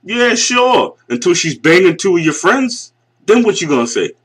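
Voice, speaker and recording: A man's voice: high voice, very animated, moderate pace, a bit bright, breathy edge. A man in his forties with a Northeastern US accent, ranting bluntly and mockingly as a YouTube commentator reacting to a clip. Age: 40s. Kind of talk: reaction rant.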